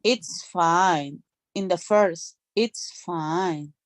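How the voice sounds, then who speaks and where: Woman student trying english words, slow and unsure, dry close sound. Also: lowish voice, dry recording, rough recording. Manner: hesitant, unsure answers. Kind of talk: practicing pronunciation in class.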